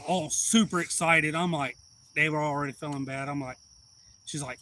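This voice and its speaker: A man tells a rambling, animated story to his live-stream viewers. His voice is bright and slightly raised in pitch. Crickets and insects chirp faintly behind him. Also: normal speed, slight background noise, rough recording. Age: adult father. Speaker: outdoors channel host.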